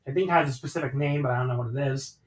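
A man hosting a podcast, recapping matches in casual chat, animated and swearing freely as he rambles through the action. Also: medium pitch, rapid-fire, reverberant, poor audio. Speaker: podcast host.

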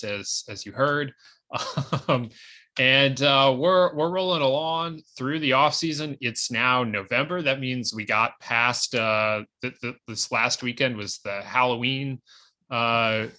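A man's voice: medium pitch, pushed and bright. A man co-hosting a sports podcast in casual chat, loose and full of filler words and restarts. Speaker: podcast co-host.

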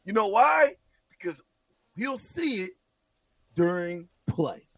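A lively man talking sports on the radio, his pitch leaping up and down as he teases his co-hosts. He sounds set back from the mic in a dead, dry space. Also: slow, slightly rough, dry recording, recorded from a distance. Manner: animated, teasing, swings from loud to low.

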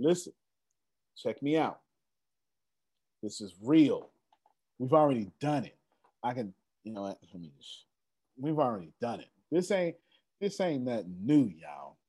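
Excitable man pitching on a call, husky. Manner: excitable, repeats phrases, casual slang. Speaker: presenter of an online business meeting. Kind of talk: animated motivational pitch.

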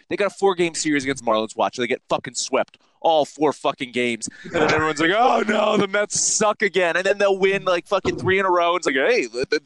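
A man's voice: fairly high pitch, no echo, low-quality recording. A man co-hosting a sports betting podcast, ranting with heavy swearing in casual chat. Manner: profane, ranting, animated. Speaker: podcast co-host.

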